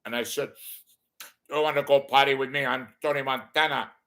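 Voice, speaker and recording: A man doing an impression of a movie gangster as a stand-up comic, loud with a heavy put-on accent. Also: medium pitch, steady tone, normal speed, voice pushed up. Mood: menacing.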